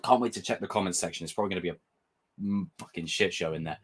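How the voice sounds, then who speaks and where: A man's voice: sits low, rapid-fire, slight background noise. A young man reviewing a show in a casual vlog, rambling and passionate with frequent swearing. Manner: animated, rambling, passionate and profane. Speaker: film and TV reviewer.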